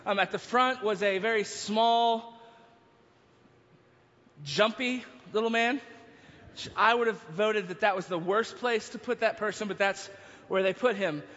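A man preaching a sermon, telling a story in an animated way, now and then breaking into yelling. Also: sits high, a little slow, pauses often. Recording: dull sound, long hall reverb.

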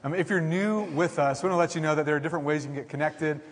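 A man's voice: on the high side, rapid-fire. A man pastor preaching a sermon, building with repeated declarations and frequent restarts. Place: large church hall. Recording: long hall reverb.

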